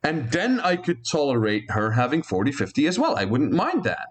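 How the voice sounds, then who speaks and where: A man hosting a podcast in casual chat, joking and animated, from Belgium. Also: moderate pace. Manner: animated, jokey, often jumps up in pitch. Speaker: podcast host.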